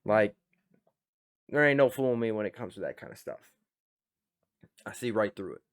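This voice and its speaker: A man's voice: fairly low pitch, expressive, normal speed. A man hosting a reaction video, talking bluntly and with lots of profanity in casual commentary.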